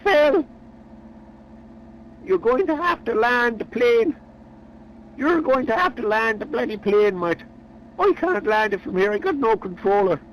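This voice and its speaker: A man voicing an overexcited male pilot who shouts frantically at his mate. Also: very high voice, very animated, very slow, long pauses, a little hiss or hum, voice pushed up, heavily acted, low-quality recording. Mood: frantic.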